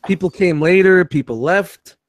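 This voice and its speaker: A man co-hosting a collectors' podcast in casual chat, rambling and animated, swearing freely. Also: high voice, moderate pace, no room sound. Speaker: podcast co-host.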